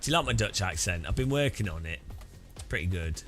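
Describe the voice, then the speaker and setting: A man's voice: low-pitched, expressive, quick pace, fairly bright tone, soft background music. A man casually chatting on a sim-racing live stream, joking and rambling as he reads chat aloud.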